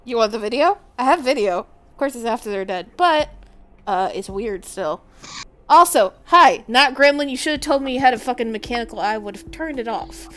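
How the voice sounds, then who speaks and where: A woman playing in a tabletop game, talking quickly, laughing and swearing. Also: fairly high pitch, expressive, a bit bright. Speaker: player. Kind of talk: casual table talk.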